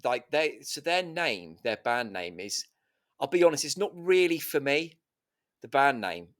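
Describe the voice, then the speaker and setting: A man's voice: medium pitch, sing-song, unhurried. Chatty man teasing his co-host. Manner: chatty and teasing, rambling with fillers like "like". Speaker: album review co-host. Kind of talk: casual chat about music.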